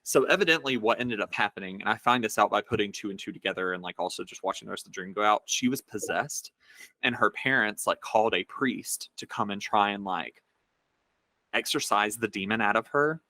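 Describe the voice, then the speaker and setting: A man's voice: fairly low pitch, a little fast, pushed and bright, dry recording. A man co-hosting a podcast, telling a dream story casually in a rambling way with many fillers. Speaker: podcast co-host.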